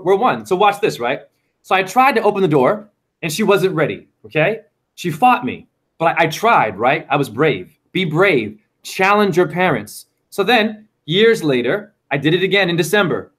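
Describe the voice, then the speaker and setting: A man in his forties telling personal stories in a casual conversation, acting out what others said in an animated way. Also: a little high, breathy edge. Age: 40s. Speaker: guest teacher.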